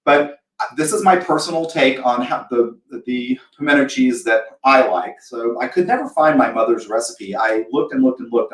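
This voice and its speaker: A man's voice: medium pitch, recorded from a distance. Chatty man from the South in a roomy kitchen. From American South. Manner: chatty, self-deprecating, acts out imagined reactions. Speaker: host of a live cooking show. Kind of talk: casual live cooking demo.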